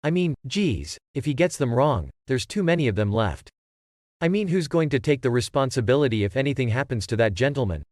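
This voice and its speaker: A man's voice: medium pitch, sing-song, fairly quick, a little mellow, no room sound, lightly acted. A nervous male test subject who hesitates and pleads in plain, folksy words, as a man reading aloud voices him. The voice rises and falls freely. The recording is dry. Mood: uneasy, pleading. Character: anxious, reluctant middle-aged male test subject.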